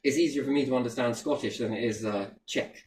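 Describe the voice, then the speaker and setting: A man talking casually as a podcast host, animated and playful. His pitch sits in the middle range. A faint hiss of background noise runs under the recording. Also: fast talker, low-quality recording. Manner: animated, playful, slips into silly put-on voices. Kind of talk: casual chat.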